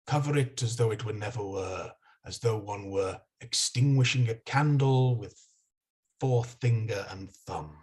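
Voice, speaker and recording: A man voicing a tempting spirit that speaks inside a character's head in a tabletop game, in a slow, low, coaxing murmur. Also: darkish tone, breathy edge, heavily acted.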